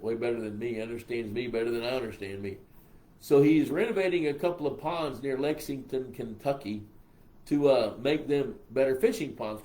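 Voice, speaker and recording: A man's voice: medium pitch, darkish tone. An older man with a Texas accent hosts a casual live stream, reading viewer comments and answering their questions in a folksy, rambling way. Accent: Texan.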